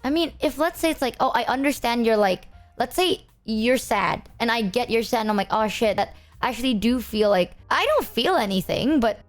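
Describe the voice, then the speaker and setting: Blunt high-voiced woman streamer. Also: expressive, moderate pace, few pauses, soft background music. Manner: blunt, questioning, swears casually. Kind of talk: casual chat.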